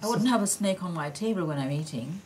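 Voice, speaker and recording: Woman dinner guest, husky voice, blunt and disgusted. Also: on the low side, expressive, fast, a little mellow. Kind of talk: casual chat.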